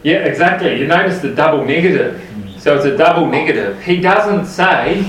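A man's voice: fairly high pitch, animated, moderate pace, few pauses, a bit bright. A man leading a group Bible study, talking casually and asking the group questions. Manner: conversational, asks the group questions. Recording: roomy, mic at a distance.

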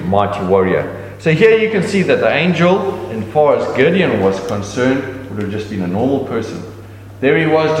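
A man giving a sermon in a conversational preaching style, leaping up in pitch to stress a point and often restarting his sentences. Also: a little hiss or hum. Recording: echoey hall with long reverb.

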